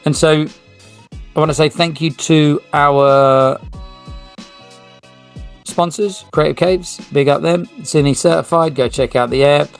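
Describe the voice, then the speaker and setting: A man's voice: on the high side, fairly even intonation, measured pace, creaky, long pauses, clear, resonant tone, faint music behind. A man hosting a solo podcast, talking casually and reading an article aloud with small slips. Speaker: podcast host.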